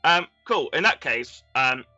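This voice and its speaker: A man's voice: mid-range voice, expressive, unhurried, pushed and bright, no room sound, highs cut off, soft background music. A man playing a tabletop game, asking questions and making wry jokes. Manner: joking, wry. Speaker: player. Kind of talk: casual chat at a game table.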